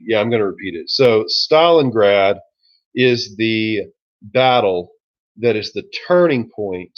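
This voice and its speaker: Low-voiced casual male history teacher. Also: highs cut off. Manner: casual and joking, many ums and uhs. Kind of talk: classroom lecture.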